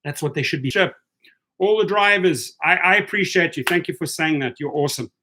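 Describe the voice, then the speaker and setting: A man's voice: a little high, a little fast, pushed and bright, a little hiss or hum. A man hosting a live stream, reading viewer comments aloud and calling things out in a blunt, indignant way that often repeats itself.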